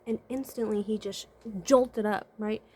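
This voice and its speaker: A dark, mid-range female voice with a breathy edge speaks at a measured pace and steady tone. She's a vlogger and spiritual consultant offering casual life advice to camera, posing rhetorical questions and saying "right?" to check in. Her thinking aloud is peppered with frequent "mm-hmm" hums.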